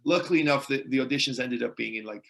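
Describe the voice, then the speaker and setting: Gravelly Welsh man telling stories. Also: medium pitch, fast, fairly bright tone. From Wales. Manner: chatty, acts out quoted dialogue. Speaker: podcast guest. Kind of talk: casual interview storytelling.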